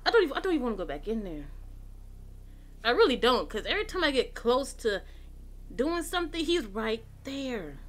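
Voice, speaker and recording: A woman's voice: fairly high pitch, sing-song, fairly quick. A woman hosting a gaming channel, playing a horror game with panicky, swearing commentary. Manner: panicky, swearing, shrieking when chased.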